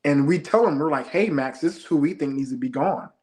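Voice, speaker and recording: A man's voice: a little high, brisk, a little mellow. A young man, a reality show contestant, telling stories in a laid-back, slangy way during a casual interview.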